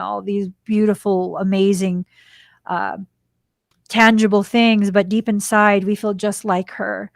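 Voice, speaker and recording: This woman, medium in pitch, hosts a spiritual podcast and tells a heartfelt story from her own life, retelling it with emotion and performing the quoted lines. The sound is studio quality without echo.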